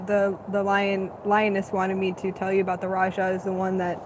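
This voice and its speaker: A woman's voice: mid-range voice, monotone, normal speed, noisy background. A woman hosting a live spiritual channeling talk, speaking in a dreamy, rambling, gushing way.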